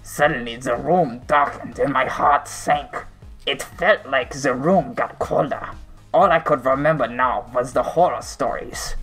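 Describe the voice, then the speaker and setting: A haunted German soldier recalling the trenches, as a man reads him out in a put-on German accent. He speaks slowly and gravely, and his voice sits at an ordinary pitch, with faint music underneath. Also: a bit bright, rough recording. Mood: dread. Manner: slow, halting dramatic reading. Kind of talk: reading a creepypasta aloud.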